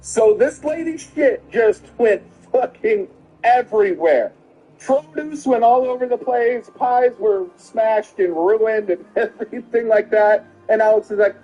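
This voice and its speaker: A middle-aged father telling a story casually, animated and laughing often, acting out the quotes. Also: sits high, a little slow, soft background music, rough recording.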